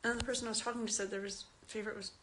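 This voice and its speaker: A woman's voice: on the high side, flat delivery, racing, a bit bright, slight background noise. A fourteen-year-old girl from Canada, a young actress, chatting casually and giggling as she reads fan questions aloud on a phone live stream. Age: teens. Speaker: actress answering fans. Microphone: phone at arm's length.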